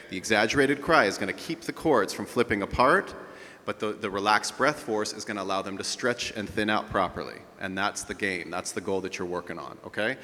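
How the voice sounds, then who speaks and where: Bright-voiced male vocal coach demonstrating. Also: on the low side, big-room sound. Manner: demonstrates vocal sounds between explanations. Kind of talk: live group voice lesson.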